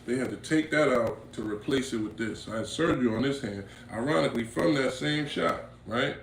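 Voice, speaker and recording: A man with a gravelly mid-pitched voice tells a street story to camera, slangy and acting out what people said. He builds to loud, emphatic bursts. The room is echoey with faint noise behind him. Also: fairly quick. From Inglewood, California. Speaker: vlogger telling a story. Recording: roomy echo, faint background noise.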